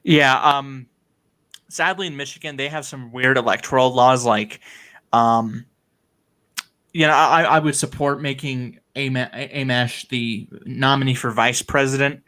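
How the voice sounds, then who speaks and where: A man's voice: mid-range voice, fairly even intonation, unhurried, bright, forceful tone. A man hosting a casual political discussion, opinionated and talking with many fillers and restarts.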